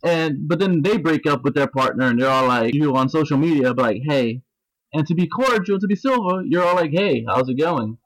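A man's voice: a little high, lively intonation, fairly quick, no room sound, rough recording. A man co-hosting a podcast, venting in casual chat. He rambles, swears and mimics other people's voices. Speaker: podcast co-host.

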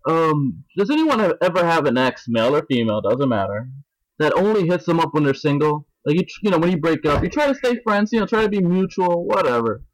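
A man's voice: on the high side, big pitch swings, brisk, no echo, low-quality recording. Rambling, cussing man venting on a podcast. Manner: rambling, profane, mimics voices. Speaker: podcast co-host. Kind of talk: casual chat, venting.

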